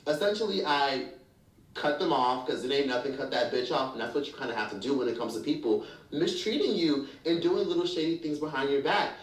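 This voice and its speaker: A man's voice: medium pitch, a little fast, distant mic. Man, commentary YouTuber, frank and foul-mouthed storyteller, echoey room, set back from the mic. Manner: candid, profane and blunt.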